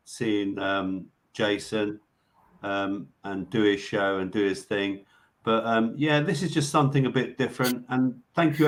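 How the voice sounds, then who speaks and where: A man hosting a live online show, talking casually and haltingly with lots of fillers as he signs off. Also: mid-range voice. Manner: rambling, halting, many fillers and restarts. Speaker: show host. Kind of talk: casual live-stream sign-off chat.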